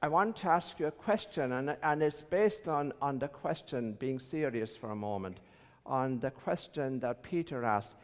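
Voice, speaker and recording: A man's voice: mid-range voice, animated, normal speed. A man, a visiting priest, giving a wry, joking sermon with frequent hesitations in a church. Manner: wry, joke-telling, hesitant with fillers. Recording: long church reverb.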